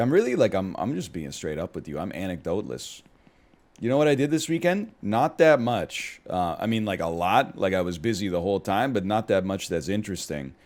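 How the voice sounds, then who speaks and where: While gaming, a young man with a medium-pitched, slightly mellow voice chats casually. He's jokey and rambling, wandering off into riffs and erupting into mock screams.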